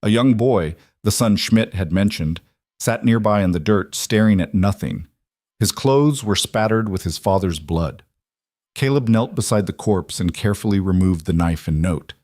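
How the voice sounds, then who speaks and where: Low-voiced man narrating a western. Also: expressive, normal speed, a little mellow, no echo, clean studio sound.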